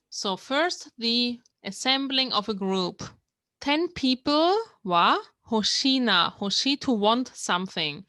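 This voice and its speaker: This slow-spoken woman from Germany has a slightly high voice with a fairly bright tone, recorded dry. German is her native language. She teaches viewers as a fellow learner, patiently explaining each word and reading lines out in an explanatory lesson.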